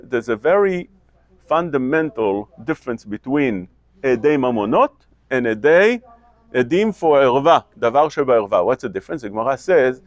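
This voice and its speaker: Animated rabbi giving a Talmud lecture. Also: male voice, mid-range voice, no room sound. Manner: animated, asks and answers his own questions. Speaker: rabbi teaching a kollel class.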